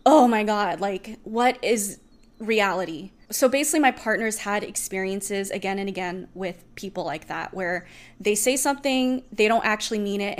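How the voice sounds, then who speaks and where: A young woman coach talking earnestly and expressively in a personal vlog, explaining at length. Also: medium pitch. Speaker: self-empowerment coach.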